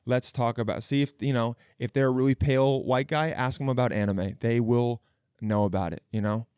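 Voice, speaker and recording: A man's voice: mid-range voice, fairly even intonation, fairly quick, a little mellow, smooth, no room sound. A man in his thirties hosting a casual solo podcast, rambling and joking with plenty of swearing and restarted phrases, close on the mic. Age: 30s. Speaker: podcast host. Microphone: close studio mic.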